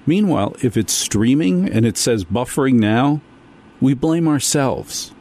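A man's voice: mid-range voice, lively intonation, normal speed, darkish tone. A man hosting a talk radio show, delivering a sarcastic, ranting monologue.

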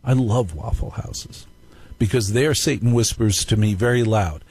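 A man's voice: lowish voice, unhurried, a little mellow, breathy edge, no echo, low-quality recording. A man hosting a live call-in radio show, telling stories in a playful, joking way. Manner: playful, jokey storytelling. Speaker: radio talk show host.

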